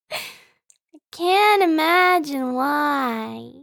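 A woman's voice: high-pitched, a bit bright, no echo, clean studio sound, full character voice. A woman playing a giggling teasing younger sister, whispered role-play. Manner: playful, breathy whispering with frequent giggles.

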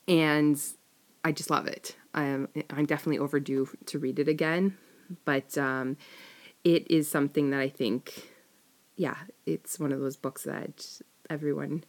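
A young woman chatting casually to camera, rambling and giggling as she answers tag questions. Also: low voice. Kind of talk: casual chat.

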